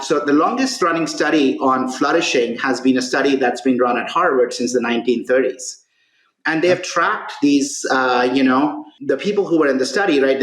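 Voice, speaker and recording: A male podcast guest and author telling a story in conversation, peppering his talk with "right?" and "you know". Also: mid-range voice. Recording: roomy echo.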